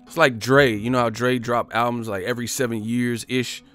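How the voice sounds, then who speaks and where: A man's voice: mid-range voice, fairly even intonation, moderate pace, a bit bright, dry recording, faint music behind. A man hosting a live boxing stream, chatting casually in slang, swearing and laughing often. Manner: slangy, swearing, laughs a lot, does voices. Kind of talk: casual livestream chat.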